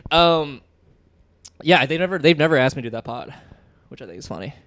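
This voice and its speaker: A man's voice: on the high side, lively intonation, brisk, a bit bright, no echo. Laughing man co-hosting a podcast. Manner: laughs often, jokey and self-mocking. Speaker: podcast co-host. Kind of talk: casual chat.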